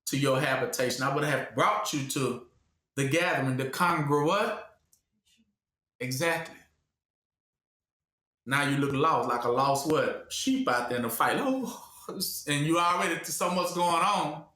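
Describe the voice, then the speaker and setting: A man's voice: on the high side, expressive, measured pace, bright, forceful tone. A man preaching a call-and-response sermon, asking the room to finish his sentences and acting out voices. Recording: echoey room.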